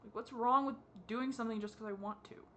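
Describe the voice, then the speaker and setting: A young adult vlogger with a high, feminine-sounding voice that has a bright, tense edge. They are crying as they talk straight into a camera mic. Faint room noise hums behind the halting, self-doubting questions. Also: steady tone.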